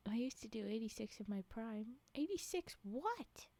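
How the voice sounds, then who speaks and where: A woman's voice: a little high, sing-song, moderate pace, dark tone, dry recording. A young woman streamer chatting with her live chat, giggling and sleepy, reacting in exasperated disbelief. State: yawning, sleepy. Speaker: streamer reading stories to chat.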